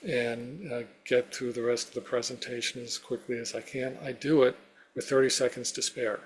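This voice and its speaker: A man's voice: medium pitch, flat delivery, fairly quick, a little hiss or hum. A man as an interview guest, telling a personal story step by step with many "you know" fillers.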